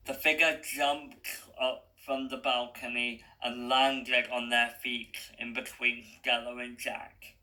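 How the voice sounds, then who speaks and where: A man reads a story aloud at a slow, deliberate pace with small restarts. His voice is gravelly but bright, with mid-range pitch. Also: poor audio. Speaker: narrator.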